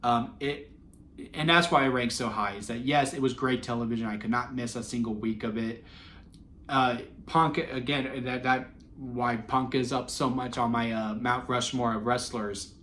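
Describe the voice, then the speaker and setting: A man in his twenties telling wrestling memories in a casual, sentimental vlog, excitable and full of fillers and restarts. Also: mid-range voice, normal speed, slight background noise. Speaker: wrestling vlogger. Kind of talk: casual rambling storytelling.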